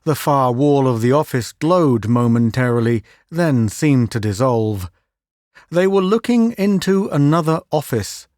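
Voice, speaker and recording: A man's voice: darkish tone, dry recording, studio quality. A man narrating a science fiction story, lifting his voice for the characters' lines. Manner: lifts pitch for quoted speech. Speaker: audiobook narrator. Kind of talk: scripted narration.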